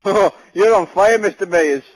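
Loud high-voiced lad gaming. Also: male voice, moderate pace, low-quality recording. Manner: loud, laughing, crude teasing. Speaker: gamer in party chat. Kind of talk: casual gaming banter.

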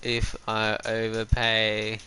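This Australian man is live-streaming a game, rambling casually to viewers in between trades. He speaks slowly in a lowish, monotone voice that sounds pushed and bright. Faint music plays behind him, and he uses a personal streaming mic.

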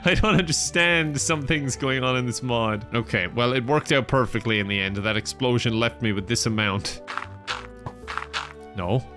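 A man's voice: mid-range voice, normal speed, music in the background. Laughing man playing a farming game. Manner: laughing often, sarcastic. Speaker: gaming YouTuber. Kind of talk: casual gameplay commentary.

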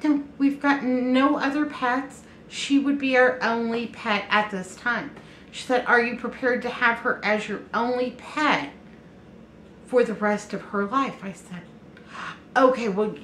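Lady telling a story, animated and chatty, faint hiss behind her. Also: on the high side, measured pace. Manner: chatty, animated, quotes others in her own voice. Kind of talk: casual personal storytelling. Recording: echoey room with faint noise.

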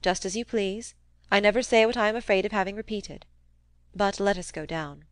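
A woman's voice: mid-range voice, normal speed, dry recording, close to an everyday voice. A woman reading the part of a plain-spoken young woman with a dry, blunt manner.

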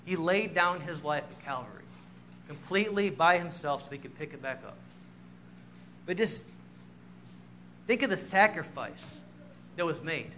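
A man's voice: a little high, lively intonation, normal speed, pauses often, pushed and bright, slight background noise. A man preaching a sermon in a church, telling stories about himself with self-mocking humor and laughing as he goes. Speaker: pastor. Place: church sanctuary.

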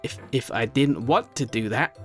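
Male gamer, frustrated rage commentary, loud outbursts to low grumbles, heavy swearing. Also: moderate pace, soft background music. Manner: swearing, scolding himself and his character in frustration; swings between yelling and low muttering. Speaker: gaming YouTuber. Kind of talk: gameplay commentary.

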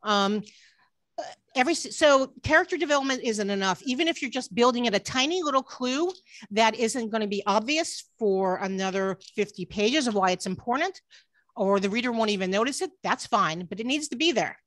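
A woman's voice: a little high, expressive, fairly quick, fairly bright tone, no echo. A woman book editor giving an online workshop talk from home over a video call, earnest, often restarting her sentences with "um"s. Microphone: computer mic on a video call.

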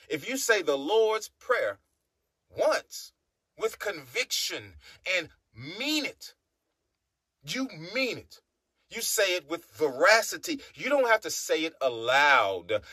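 Slow, animated man preaching. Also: on the high side, breathy edge, no echo. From United States. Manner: emphatic, repeating phrases with humming pauses. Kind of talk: preaching monologue.

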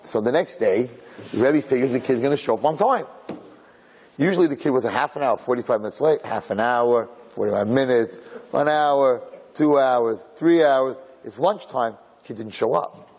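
A man, a rabbi, teaching a Torah class to a live audience as an animated storyteller who repeats words and climbs to shouts at the story's peak. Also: mid-range voice, normal speed. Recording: hall reverb.

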